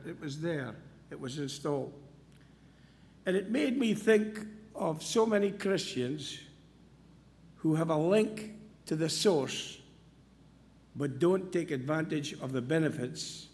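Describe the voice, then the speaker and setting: A man's voice: on the high side, a little mellow, in a large hall. A man from Scotland, preaching a sermon and telling homely stories with asides.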